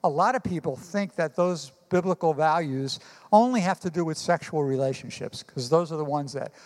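A man preaching a sermon as a pastor, telling stories, pausing often, and using fillers. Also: on the high side, darkish tone. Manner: storytelling with pauses and fillers. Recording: long hall reverb.

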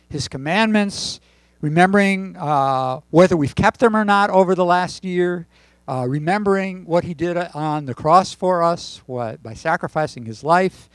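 A man's voice: a little high, no echo. Dry-sounding man preaching a holiday sermon. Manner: warm conversational preaching with pauses and fillers. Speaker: congregation leader. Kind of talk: sermon with prayer and joke.

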